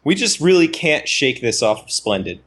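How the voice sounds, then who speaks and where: A man's voice: mid-range voice, big pitch swings, moderate pace, a bit bright, breathy edge. A man playing a tabletop role-playing game, chatting in character with exasperated asides. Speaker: player. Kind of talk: casual chat in character.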